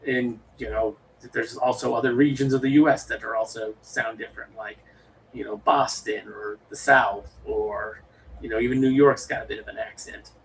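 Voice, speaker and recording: A man's voice: medium pitch, fairly even intonation, normal speed, vocal fry, recorded from a distance, slight background noise, poor audio. A man from the western United States with a general American accent, chatting casually on a livestream with lots of fillers and restarts. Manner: rambling, many fillers and restarts. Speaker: livestream host.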